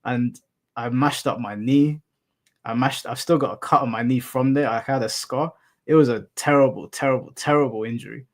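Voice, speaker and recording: A man's voice: mid-range voice, moderate pace. A young adult man hosting a live stream, chatting casually with viewers and telling rambling anecdotes with casual swearing.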